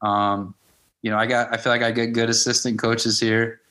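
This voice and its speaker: A man in his fifties, a high school wrestling coach, telling stories in a casual interview and acting out the dialogue. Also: level tone, normal speed, sharp tone. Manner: anecdotal, acts out quoted dialogue with "I'm like".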